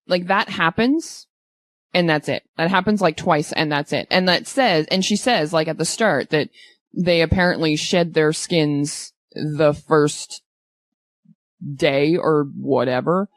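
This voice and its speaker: A woman co-hosting a casual movie podcast, animated and quick to jump higher when she disagrees. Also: dry recording. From Canada. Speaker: podcast co-host.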